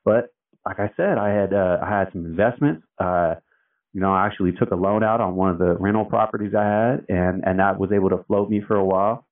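A man's voice: sits low, a little fast. A man telling his story as an interview guest in a loose, chatty way, full of fillers, acting out what people said. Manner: loose and chatty, filler-heavy, acts out quotes. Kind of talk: casual storytelling. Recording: tinny phone-like sound, distant from the mic.

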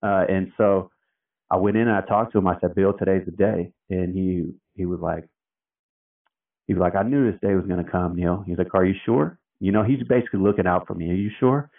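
A man's voice: deep voice, steady tone, fairly quick. A man telling his story as an interview guest in a loose, chatty way, full of fillers, acting out what people said. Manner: loose and chatty, filler-heavy, acts out quotes. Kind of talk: casual storytelling. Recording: tinny phone-like sound, distant from the mic.

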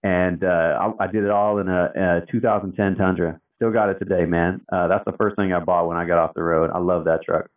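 A man's voice: sits low, fairly even intonation, fairly quick, hardly any pauses, recorded from a distance. A man telling his story as an interview guest in casual, slangy talk, peppered with "man" and "dude". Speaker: interview guest, founder of a tradesman community brand. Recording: tinny phone-like line, away from the mic.

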